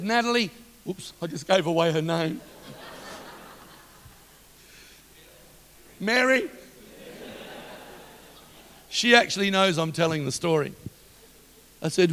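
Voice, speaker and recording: A middle-aged man preaching a sermon, telling stories with passion and rising to loud exhortation. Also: on the high side, fairly even intonation, a little fast, a little hiss or hum. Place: church hall. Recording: long reverb of a large hall.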